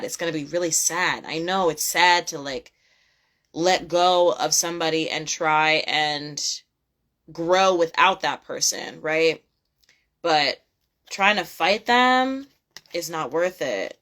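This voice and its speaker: A woman's voice: on the low side, fairly bright tone. A young woman giving a casual tarot reading, blunt and profane, repeating her points emphatically. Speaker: tarot reader.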